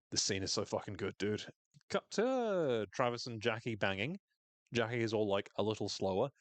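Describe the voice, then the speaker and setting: A man's voice: medium pitch, dry recording. Man recapping a show in a dry booth. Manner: enthusiastic, swears freely, acts out quoted lines in shifting voices. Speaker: podcast host recapping a TV episode. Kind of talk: casual recap chat.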